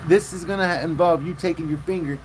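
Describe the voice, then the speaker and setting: A man's voice: fairly high pitch, quick pace, background noise. A man hosting a casual livestream, telling crude rambling stories and chatting with viewers. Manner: crude, rambling storyteller with loud acted quotes. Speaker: livestream host.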